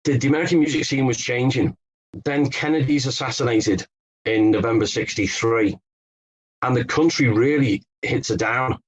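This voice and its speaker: A husky, medium-pitched male voice speaks at a moderate pace over poor audio. He's an English author and Beatles authority giving podcast interview answers as stories and explanations, with fillers and restarts here and there.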